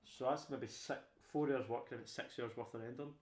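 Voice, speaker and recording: Fast-talking man in an echoey room. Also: mid-range voice. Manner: swearing, animated storyteller. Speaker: podcast co-host. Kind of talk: casual chat.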